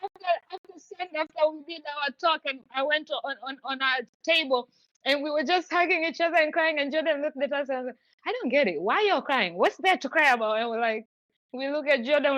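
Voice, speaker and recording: A woman's voice: high-pitched, fairly bright tone, no echo, highs cut off. A woman hosting a podcast, chatting effusively in long run-on stretches. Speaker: podcast host. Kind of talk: casual chat.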